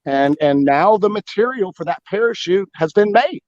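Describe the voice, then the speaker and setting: A man talking about his book as a guest in a casual interview, rambling and animated, with many restarts and fillers. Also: high voice, normal speed, dry recording, muffled recording. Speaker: guest author.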